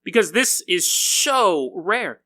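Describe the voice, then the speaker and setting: A man hosts a comedy podcast and spins goofy stories, laughing as he goes. His voice is high and very bright. His pitch swoops around with a lot of energy. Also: takes it slowly. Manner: goofy and animated, laughing as he talks. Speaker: podcast host. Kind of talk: comedic storytelling monologue.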